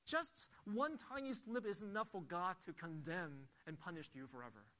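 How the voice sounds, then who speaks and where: The pastor's voice is high-pitched and sharp, animated and at normal speed. He preaches with emphasis, asking rhetorical questions and repeating phrases as his argument builds.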